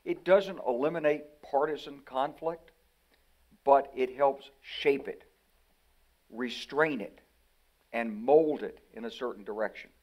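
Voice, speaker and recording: Older American man, retired-general guest, lively storyteller who acts out quotes. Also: medium pitch, a little slow, pauses often. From United States. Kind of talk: conversational interview.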